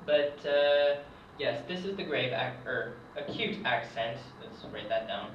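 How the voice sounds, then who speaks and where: This young adult man teaches French as a hobby, delivering a relaxed, um-filled lesson at a whiteboard. His mid-range voice is unhurried and a bit bright. Captured by a camera in a room, the audio is dull, distant and echoey, with a little hiss or hum.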